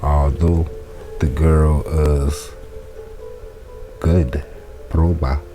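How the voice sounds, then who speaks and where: Man with a very deep, dark voice, slow careful reading, translating aloud, self-correcting, faint music behind. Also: little pitch movement. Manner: thinks aloud, self-correcting, chuckles at his own slips. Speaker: Latin learner reading a textbook aloud.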